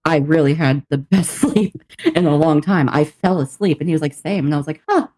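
Low-voiced woman telling a story. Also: fairly quick, no echo. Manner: animated storyteller who acts out both sides of conversations and laughs often; swears casually. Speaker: podcast co-host. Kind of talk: casual chat.

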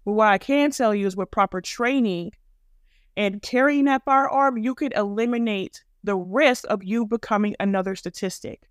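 Young black woman ranting on her podcast, smooth clear voice, dry mic, cusses a lot, very blunt. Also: medium pitch, moderate pace, dry recording. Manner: blunt, profane and emphatic. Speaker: podcast host. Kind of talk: opinionated commentary monologue.

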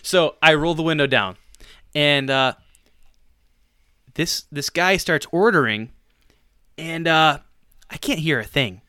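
A man co-hosting a podcast, telling a long casual story in an animated, self-deprecating way with bursts of laughter. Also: fairly high pitch, slow, long pauses, clear, resonant tone, no room sound, studio quality. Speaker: podcast co-host.

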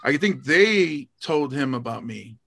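Hawaii guy comic, bright sharp voice, acts out his stories, dry close mic. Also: mid-range voice, measured pace, creaky, no echo. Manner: animated storyteller, acts out his own lines. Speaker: guest comedian. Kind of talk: casual podcast chat.

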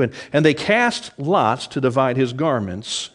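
A middle-aged man preaching a sermon, lively in delivery, dropping low and soft when quoting scripture. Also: measured pace, breathy edge. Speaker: pastor.

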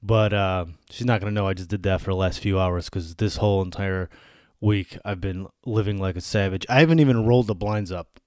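A man's voice: deep voice, fairly quick, no room sound, studio quality. Swearing thirty-something man ranting on a podcast. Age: 30s. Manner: animated storytelling with swearing and quoted asides. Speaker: podcast host. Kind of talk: casual solo rant.

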